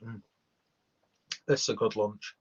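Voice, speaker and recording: A man's voice: lowish voice, fairly even intonation, unhurried, breathy edge. Sweary man reviewing beer. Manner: rambling, sweary, talks while chewing. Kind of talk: casual live-stream review. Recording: dull lo-fi stream audio.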